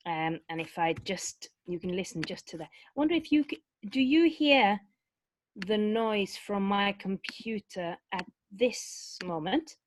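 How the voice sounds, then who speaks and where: A woman's voice: mid-range voice, expressive, a little slow, slight background noise. A woman vocal coach explaining vocal technique in a webinar, talking loosely with many fillers and restarts. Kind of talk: webinar teaching with sung demonstrations.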